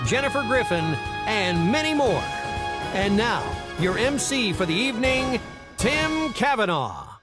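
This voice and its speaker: A man's voice: high voice, big pitch swings, unhurried, over music, voice pushed up. A man doing a grand promo announcer. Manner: big showman promo delivery. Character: grand male event announcer. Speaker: voice actor.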